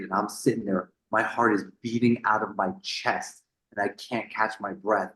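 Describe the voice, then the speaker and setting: A man with a lowish voice tells a story as a podcast guest, animated and swearing freely. He repeats words as he goes and acts out the people he quotes. The room around him sounds echoey. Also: normal speed. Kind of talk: casual storytelling interview.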